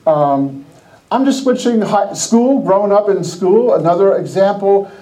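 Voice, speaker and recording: A middle-aged man from New Jersey tells personal stories on a Christian podcast in a rather high, soft, mellow voice. He laughs often and acts out what people said, keeping the talk lively and casual. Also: measured pace, low-quality recording. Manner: animated, laughing, acts out quoted dialogue. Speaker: podcast host.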